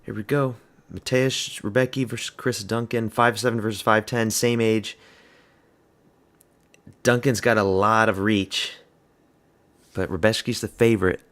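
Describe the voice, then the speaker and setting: Guy w a lowish gravelly voice rambling thru his fight picks, blunt and loose. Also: fairly even intonation, unhurried, long pauses, fairly bright tone. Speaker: MMA fan host of a watch party stream. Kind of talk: casual live reaction commentary.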